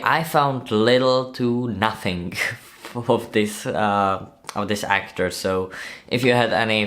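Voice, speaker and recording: A man's voice: mid-range voice, a bit bright. A man narrating a movie breakdown video in a casual, chatty way, often asking viewers to comment and laughing at his own slips.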